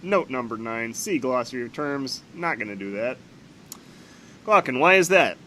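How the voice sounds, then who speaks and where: A man's voice: mid-range voice, animated, moderate pace, bright, forceful tone, a little hiss or hum, low-quality recording. A man reading a classic dialogue aloud and breaking off to comment on it in a casual, offhand way. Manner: reads dialogue aloud then chats about it offhand. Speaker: reader and commentator on a philosophy text.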